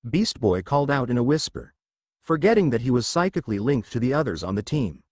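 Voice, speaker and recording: A man narrating a fan fiction story aloud in an even reading voice, with his own asides. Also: mid-range voice, a little fast, no room sound.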